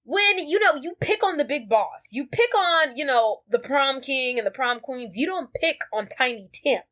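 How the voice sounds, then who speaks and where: A woman's voice: high-pitched, animated, normal speed, a bit bright. A woman voicing a defensive, easily annoyed teenage boy as she retells a movie scene in casual slang. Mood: irritated.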